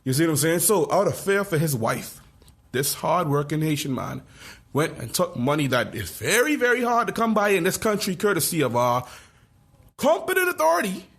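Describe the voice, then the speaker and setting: A man co-hosting a podcast, telling a story in casual chat with lively slang. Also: a little high, normal speed, vocal fry, husky. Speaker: podcast co-host.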